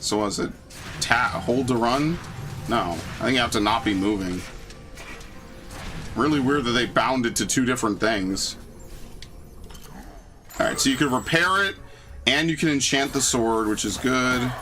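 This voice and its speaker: A man's voice: medium pitch, measured pace, long pauses, music in the background. A young man casually commenting on a game playthrough, rambling and swearing freely. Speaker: gaming YouTuber. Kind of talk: casual let's-play commentary.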